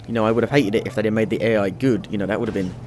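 A man's voice: lowish voice, steady tone, racing, noisy background. A young British man chatting through a video game, talking to the characters and yelping when things go wrong. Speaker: let's play gamer. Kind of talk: gameplay commentary.

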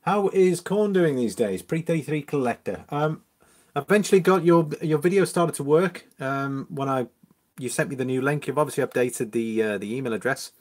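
A man's voice: mid-range voice, normal speed. A man hosts a casual live stream from home and reads viewer comments aloud. He is chatty and easygoing, greets regulars by name and chuckles often between messages. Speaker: livestream host.

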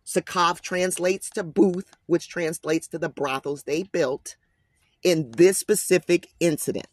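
Speaking at a measured pace in a fairly high voice, this Bible commentator reads scripture aloud and remarks on it casually and emphatically. Slangy asides come often, and he regularly addresses listeners as "guys."

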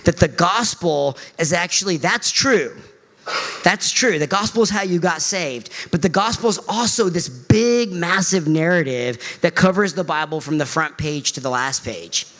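Middle-aged guy pastor preaching, voice sits pretty high, jumps up when he pushes a point. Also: moderate pace. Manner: animated preaching, pitch swings high for emphasis. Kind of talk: sermon.

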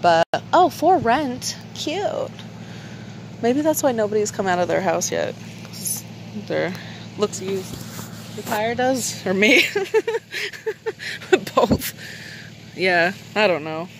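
A woman speaks slowly in a medium-pitched voice, leaving long pauses, with a little hiss or hum in the recording. She's holding her phone in a car on a rainy night for a casual live-stream chat, excitable and jokey, swearing and laughing a lot.

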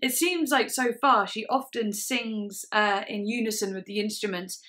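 A woman's voice: mid-range voice, moderate pace. A woman hosting a music reaction video, chatting casually and enthusiastically, often saying "like" as she explains singing technique. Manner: enthusiastic, many "like" fillers, breaks down singing technique. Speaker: music reaction channel host. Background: faint music playing.

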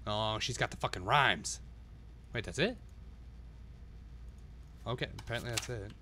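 A man's voice: on the low side, expressive, a little slow, pushed and bright, a little hiss or hum. A man streaming himself playing a game, swearing constantly and talking to himself as he goes. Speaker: live streamer. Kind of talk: live-stream gameplay commentary.

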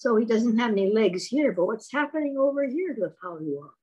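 A woman reading a picture book aloud to young children, expressive and stopping to ask them questions. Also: fairly high pitch, breathy edge, dull audio. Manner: expressive, pauses to ask little listeners questions. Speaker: storyteller for children.

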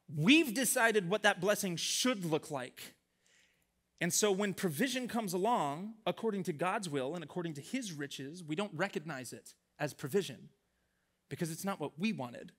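Bright-voiced, animated young preacher man. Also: sits high. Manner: animated storytelling, acts out voices in a joke. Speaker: young adult pastor. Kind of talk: sermon. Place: church hall.

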